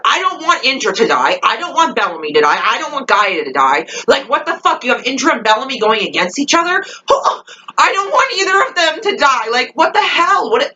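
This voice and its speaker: A young woman rants straight to camera, exasperated and swearing as she rambles through her thoughts. Her voice is bright and forceful and sits a little high, and her talk is full of restless fillers. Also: muffled recording, a little hiss or hum. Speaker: vlogger reacting to a TV episode. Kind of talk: ranting casual monologue.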